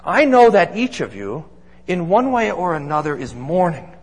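A man's voice: high-pitched, big pitch swings, moderate pace, darkish tone. A man preaching as a pastor, earnest and emphatic, building points through repeated lists in a sermon. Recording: long reverb of a large hall.

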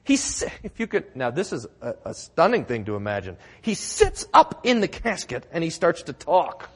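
A man's voice: fairly high pitch, huge pitch swings, normal speed, in a large hall. A man preaching a sermon in a church, telling the story with drama and building to emphatic declarations. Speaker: pastor.

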